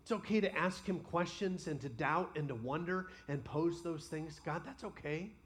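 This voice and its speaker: A male pastor delivers a sermon with a high, ringing voice. He throws himself into imagined prayers with real passion, then settles into quiet, personal asides. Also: normal speed.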